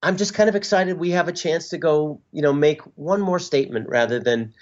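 Reflective middle-aged man, dull audio. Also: a little high. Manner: halting, reflective, with frequent fillers and restarts. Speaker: musician guest. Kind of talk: casual interview talk. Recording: dull lo-fi sound.

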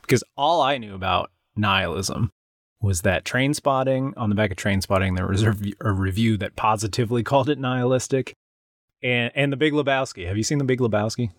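A man's voice: on the low side, brisk, no echo, clean studio sound. A man chatting casually as a podcast co-host, rambling with frequent restarts and laughs. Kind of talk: casual chat.

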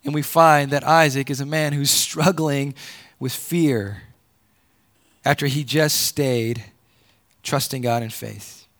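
A man preaching a sermon, repeating words as he builds a point and swinging between loud emphatic peaks and low quiet drops. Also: fairly even intonation, slow pace, pauses often. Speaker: pastor.

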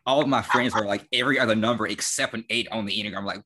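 A man's voice: fairly low pitch, racing, bright, forceful tone, slight background noise. A man hosting a podcast, chatting casually and hesitantly with lots of "like"s and repeated words. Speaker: podcast host.

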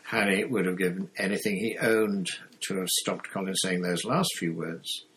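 A man reading a novel aloud in a steady narrating manner, with occasional slips and restarts. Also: deep voice, moderate pace, a little hiss or hum, poor audio. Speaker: audiobook reader. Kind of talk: storybook narration.

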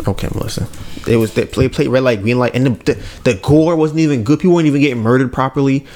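A man's voice: medium pitch, fast talker. Laid-back, rambling male podcast host. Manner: laid-back, admits a monotone delivery; rambling, self-correcting, swears casually. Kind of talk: casual podcast chat.

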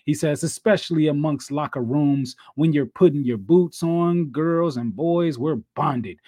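A man's voice: fairly high pitch, a little slow, warm tone. A man co-hosting a casual wrestling podcast, playful and joking, laughing often. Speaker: podcast co-host.

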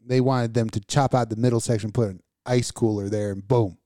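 A man's voice: medium pitch, steady tone, brisk, dark tone, no room sound. A man co-hosting a crude, casual podcast chat, rambling and swearing from a close, dry mic. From United States. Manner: profane, rambling, joking. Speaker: podcast co-host.

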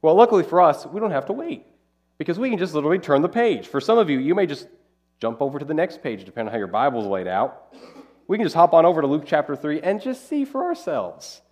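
Animated male preacher, lively voice. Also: on the high side, quick pace. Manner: conversational, animated Bible teaching. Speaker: pastor. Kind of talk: sermon.

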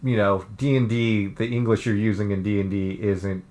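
Lowish-voiced guy rambling on a podcast, lots of uhs, laughing a bunch. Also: fairly even intonation, normal speed, a little mellow. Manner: rambling, laughs often, many fillers. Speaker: podcast co-host. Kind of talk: casual chat. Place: living in Japan.

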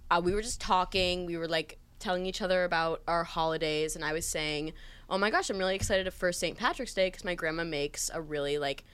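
Lively young woman telling stories, low-pitched. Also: a little fast, smooth. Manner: animated storyteller, laughs often. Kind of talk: casual chat.

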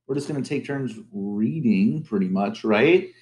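A man's voice: fairly low pitch, lively intonation, unhurried, a little mellow. A man hosting a playful read-aloud for kids, jokey and chatty, acting out characters. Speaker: storytelling host.

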